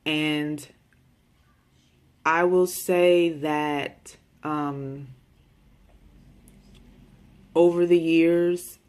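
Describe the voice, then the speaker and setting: Frank, talkative mom speaking in a home video diary, direct and casual. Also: female voice, deep voice, level tone, very slow, pauses often, darkish tone, clean tone. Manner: candid and talkative, with many repeated words; direct, with folksy slang. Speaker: mother of a special needs child.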